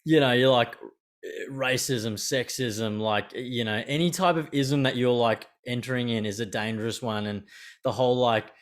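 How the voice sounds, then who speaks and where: A young Australian man hosts an unscripted podcast chat. He swears freely and keeps it animated, slipping into quick impressions of other people. His voice sits at an average pitch for a man. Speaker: podcast host.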